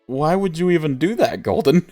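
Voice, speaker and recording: A man's voice: a little high, animated, moderate pace, dark tone, faint music behind. A man streaming a visual novel, reading the story aloud and chatting casually with viewers, laughing often.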